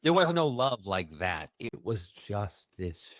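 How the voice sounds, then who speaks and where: A man who works as a medium, telling a personal story in an expressive, emphatic way during a conversation. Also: fairly low pitch, no room sound. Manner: expressive, emphatic, with bursts of fast speech. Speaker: medium recounting his experiences.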